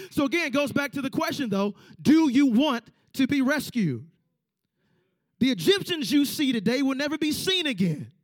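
A man with a strikingly high voice delivers a sermon. He talks emphatically, repeats key lines for stress and slips into the voices of the people he quotes. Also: big pitch swings, moderate pace. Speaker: preacher.

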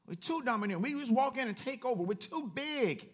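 A man pastor preaching a sermon, animated and playful, calling out to members of the congregation. He has a Southern Black way of speaking. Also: extremely high pitch, fairly quick, breathy edge. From United States.

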